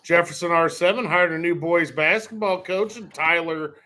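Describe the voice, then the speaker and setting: A man co-hosting, halting and repeating words as he talks. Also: fairly high pitch, steady tone, pushed and bright. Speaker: co-host coach. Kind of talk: casual chat.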